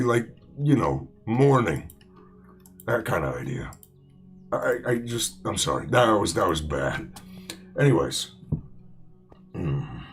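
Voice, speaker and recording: A man talking slowly through a gaming session, his voice husky and gravelly. His pitch swings up and down a lot as he wanders between thoughts, restarting sentences and piling on fillers. Faint music plays underneath. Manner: rambling, full of fillers and restarts. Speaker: let's play host. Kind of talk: casual gaming commentary.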